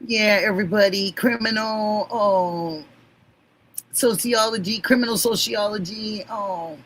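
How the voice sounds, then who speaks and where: Woman, livestream host, gushing, unhurried, light background noise. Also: mid-range voice, fairly bright tone, poor audio. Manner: gushing, affectionate, laughs often. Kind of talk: casual livestream chat.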